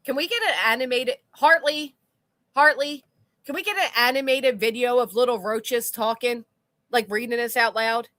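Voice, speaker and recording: A woman's voice: fairly high pitch, fairly quick, fairly bright tone, no room sound. A woman hosting a livestream, reading chat comments aloud with blunt, sarcastic commentary and casual swearing. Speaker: commentary channel host.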